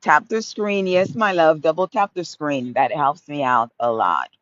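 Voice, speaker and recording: A woman's voice: low voice, a little slow, highs cut off. A woman in her fifties from Haiti hosting a casual outdoor phone livestream, talking with viewers and repeating her phrases fondly. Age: 50s. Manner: affectionate, repeats phrases, greets viewers by name. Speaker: livestream host. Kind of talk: casual live chat answering viewers. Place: outdoors in a sunny park.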